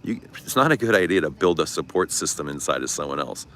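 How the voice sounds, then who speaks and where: Deep-voiced man, candid livestream chat. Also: expressive, fast talker, a bit bright. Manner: candid, confessional, swears casually. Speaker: livestream host. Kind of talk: casual livestream chat reading comments. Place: outdoors. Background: traffic noise.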